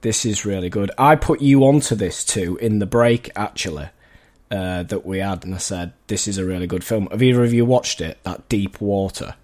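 A man co-hosting a film podcast, telling rambling stories in a relaxed chat. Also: on the low side, moderate pace. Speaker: podcast co-host. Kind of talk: casual storytelling chat.

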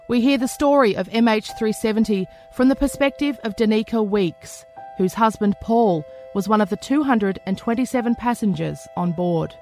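A woman hosting a podcast, reading a measured scripted introduction. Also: mid-range voice. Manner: measured, storytelling. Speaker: podcast host. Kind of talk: scripted narration.

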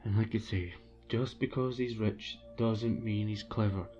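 Male streamer, opinionated casual rant, relaxed dark tone, dull recording. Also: on the low side, measured pace, faint music behind. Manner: opinionated and blunt, with frequent restarts. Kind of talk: casual ranting monologue.

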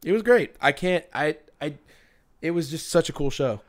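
A man's voice: fairly high pitch, animated, normal speed. A man on a podcast telling a story in casual chat, rambling with many restarts and bursts of laughter.

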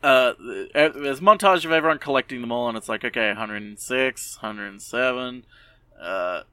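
Bright-voiced man rambling through a recap. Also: mid-range voice, normal speed, smooth, no echo. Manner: rambling, animated recap full of fillers and swearing. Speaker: podcast host. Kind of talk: casual chat.

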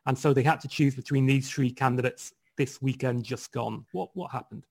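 A man's voice: medium pitch, fairly even intonation, normal speed, a little mellow, husky. A man hosting a political podcast, chatting and putting questions to his guest. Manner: conversational, asks guest questions. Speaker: podcast host. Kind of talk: podcast discussion.

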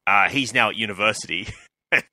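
A young man co-hosting a casual comedy chat, playful and quick to joke and laugh. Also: lowish voice, bright, forceful tone, no room sound, studio quality. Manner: playful, laughs and jumps in with jokes. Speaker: podcast co-host.

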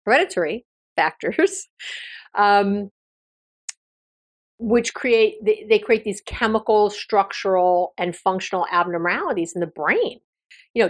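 A woman hosting her own podcast, explaining a mental health topic in a conversational way, with fillers and self-corrections, speaking straight to the listener. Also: medium pitch. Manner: explanatory, addresses listener directly. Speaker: podcast host and therapist. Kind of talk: solo podcast talk.

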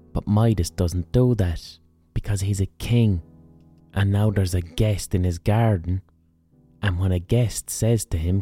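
A man's voice: deep voice, measured pace, warm tone, breathy edge, faint music behind. A man with an Irish accent, a podcast host, telling a story in a casual, earthy way with plenty of slang and swearing. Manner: colloquial, earthy, swears freely.

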